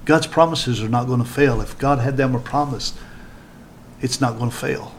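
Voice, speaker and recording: A man's voice: mid-range voice, moderate pace. A man preaching as a pastor in a mid-range voice, fervent and repetitive, stumbling and restarting his phrases as he pleads. A faint hiss sits under the recording. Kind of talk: sermon and altar-call prayer.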